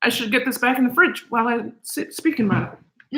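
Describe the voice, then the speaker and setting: Bright-voiced lady chatting to her viewers in her kitchen, gushy and emotional, kinda echoey. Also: fairly high pitch, fast talker, a little hiss or hum. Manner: gushing and emotional, talks while eating. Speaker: cooking vlogger. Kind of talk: casual chat to camera. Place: home kitchen.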